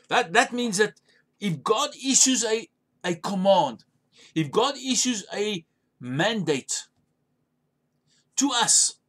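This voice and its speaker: High-voiced man preaching emphatically. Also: a bit bright. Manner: emphatic, repetitive exhortation. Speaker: pastor. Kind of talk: sermon.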